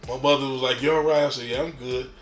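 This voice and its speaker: Animated man telling a story, echoey room. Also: mid-range voice, quick pace. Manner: animated, laughs often, acts out quotes, says "man" a lot. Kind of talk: casual storytelling. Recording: echoey room with faint music.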